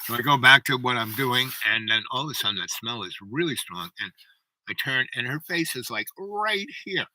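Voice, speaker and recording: A man's voice: mid-range voice, expressive, normal speed, pushed and bright, no echo, poor audio. A man telling a personal story in a rambling way, full of asides and "you know, right?".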